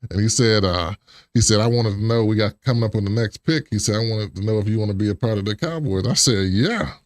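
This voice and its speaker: A man in his forties, a guest on an interview show, telling stories in a casual, animated way and acting out old conversations. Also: fast, no room sound, clean studio sound. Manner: animated, acts out remembered dialogue with big pitch jumps, chuckles. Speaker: interview guest, former pro football lineman.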